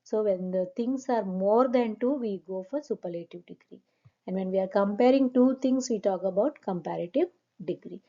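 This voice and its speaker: A woman's voice: medium pitch, normal speed, mellow. Patient woman teaching an English lesson. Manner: patient, repeats examples and spells words out letter by letter. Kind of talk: classroom grammar lesson. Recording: dull lo-fi recording.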